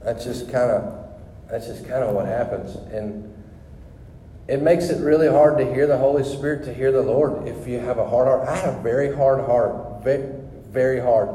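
A middle-aged man giving a sermon testimony in a church hall, telling his story in an animated, rambling way with many restarts. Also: medium pitch, normal speed, a little hiss or hum. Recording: echoey hall with long reverb.

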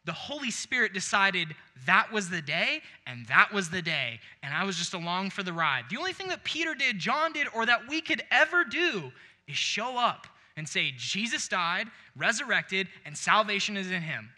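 Bright-voiced young man preaching in a hall. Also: high voice, big pitch swings, moderate pace. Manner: storytelling, acting out both sides of a conversation. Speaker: pastor. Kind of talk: sermon. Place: church sanctuary. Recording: long reverb of a large hall.

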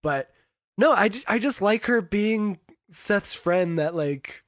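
Podcast co-host, middle pitch, dry close mic, chatty and joking. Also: lively intonation, takes it slowly, no room sound. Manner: chatty, jokey, trails off mid-thought. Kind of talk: casual recap chat.

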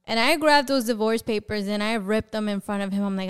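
A young adult woman, a podcast guest, giving a personal testimony in a lively conversational way and acting out the words of people in her story. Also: medium pitch, moderate pace, few pauses, clean tone. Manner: animated storyteller who acts out quoted dialogue and fills with "like".

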